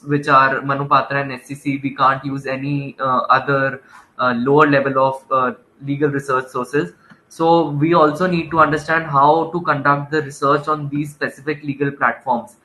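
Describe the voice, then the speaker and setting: A man's voice: a little high, pushed and bright, low-quality recording. A man moderating an online legal masterclass, politely introducing the speaker and filling time with frequent "uh" fillers over a video call. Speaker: webinar moderator.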